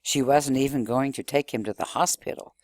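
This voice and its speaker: A man reading a novel aloud in an expressive first-person storytelling manner. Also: mid-range voice, fairly quick. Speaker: reader.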